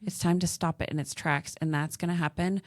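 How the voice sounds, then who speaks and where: A woman's voice: fairly low pitch, fairly even intonation, brisk, no room sound, clean studio sound. A woman with a Southern American accent hosting a faith-based podcast, speaking in an earnest, encouraging way. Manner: earnest, encouraging, giggly in bloopers. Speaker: podcast host. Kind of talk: casual podcast chat with faith reflection.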